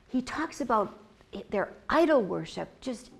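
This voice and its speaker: A woman leads a Bible study in a relaxed, conversational way. She repeats her points for emphasis and keeps checking in with "okay?" and "right?". She also voices the quoted lines with animated expression. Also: a little high, unhurried, vocal fry, husky. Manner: animated, acts out God's words. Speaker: Bible teacher.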